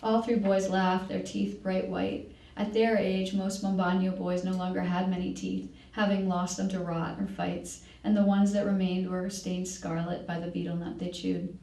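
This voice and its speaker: A woman reading from a novel at a library event, her voice low with a gravelly fry. She reads in a measured way and corrects herself now and then. She sounds distant in an echoey room. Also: little pitch movement, dark tone. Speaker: author reading.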